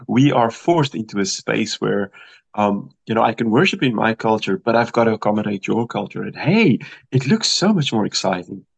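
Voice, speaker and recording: A middle-aged worship producer from South Africa, whose accent has a slight American tinge, speaks in a radio interview with a lowish, gravelly, husky voice at moderate pace. He's animated and emphatic, thinking aloud and often restarting his phrases.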